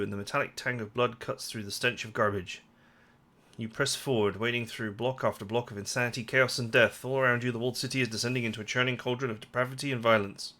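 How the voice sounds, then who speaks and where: A man's voice: medium pitch, steady tone, fast talker, bright, forceful tone. A man hosting a let's play, reading game text aloud dramatically and chatting casually about the game with lots of "like". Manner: casual asides full of "like", dramatic read-aloud of game prose.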